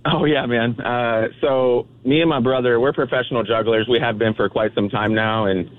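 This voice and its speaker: An easygoing man telling a story into a radio show. His mid-pitched voice comes through a thin, dry phone line. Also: steady tone, moderate pace, dry recording. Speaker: radio caller, professional juggler.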